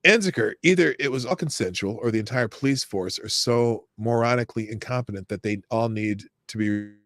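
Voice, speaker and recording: A middle-aged man hosting a live-stream news commentary show, reading stories and chat with sarcasm and breaking into shouted rants. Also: medium pitch, brisk, no room sound, studio quality.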